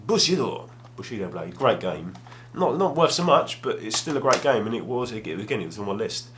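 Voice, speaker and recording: A man's voice: fairly low pitch, lively intonation, a little fast, a bit bright, slight background noise. Man rambling through a story. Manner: rambling, self-deprecating, restarts often. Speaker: gaming vlogger. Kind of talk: casual storytelling. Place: home room, at a table.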